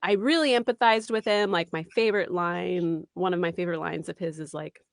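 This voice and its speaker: A woman in her thirties with a somewhat low voice chats animatedly in an interview, full of fillers and quick asides. The sound is dry and close, with no room around it. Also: gravelly, no echo. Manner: animated, chatty, many fillers and laughs. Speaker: voice actress guest. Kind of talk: casual interview chat.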